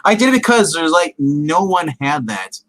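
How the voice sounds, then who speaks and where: Bright-voiced wry man chatting. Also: fairly high pitch, very animated, moderate pace, no room sound, poor audio. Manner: chatty, wry, sarcastic asides. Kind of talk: casual chat.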